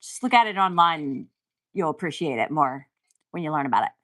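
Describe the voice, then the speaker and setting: A woman's voice: sits low, animated, fairly quick, a bit bright. Chatty woman talking back at the screen. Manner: chatty, talks back at the screen, laughs often. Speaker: vlogger reacting to a TV series. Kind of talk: casual watch-along commentary.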